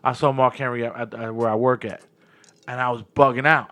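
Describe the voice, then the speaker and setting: A man in his thirties with a New York-area accent, hosting a podcast and telling stories in lively, slangy casual chat. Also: mid-range voice, moderate pace. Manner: animated storytelling, slangy, repeats words. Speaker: podcast host.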